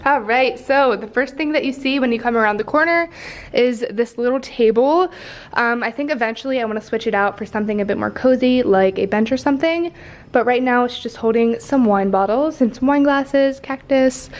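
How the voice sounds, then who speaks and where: A woman's voice: fairly high pitch, moderate pace. A young woman vlogger giving a casual tour of her apartment, chatty and rambling with lots of ums and likes. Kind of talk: casual home tour vlog. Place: apartment indoors.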